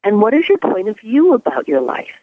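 A woman with a New York accent talks things through in a musing way, posing questions to herself as she goes. Her voice sits at a middling pitch. It comes over a thin, phone-like line with no room sound. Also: wildly swooping pitch, brisk, no room sound. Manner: reflective, asks rhetorical questions. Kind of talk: casual chat.

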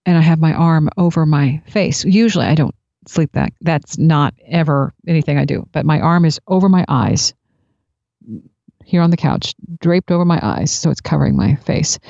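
A woman tells a personal story in a reflective, unhurried way. Her voice sits low and mellow. The recording is dry and slightly dull. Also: expressive, gravelly, dry recording. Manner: reflective, unhurried anecdotal telling. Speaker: speaker sharing spiritual experiences.

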